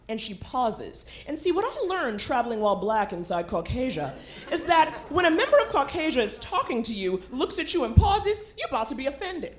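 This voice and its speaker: A woman on a comedy club stage delivering stand-up in a brash, animated way. Her voice sits a little high and swings widely in pitch as she punches her lines. She swears freely. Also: fairly quick.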